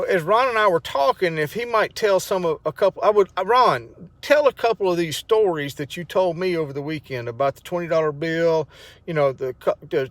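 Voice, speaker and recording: A man's voice: on the high side, dry recording. Emotional man telling a story. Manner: rambling, emotional storytelling with many restarts. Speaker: vlogger sharing a testimony. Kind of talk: casual spoken testimony.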